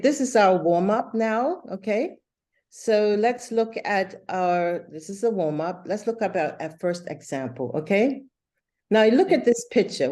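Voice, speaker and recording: A woman teaching an English lesson over a video call, explaining slowly and patiently with many fillers. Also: on the low side, warm tone.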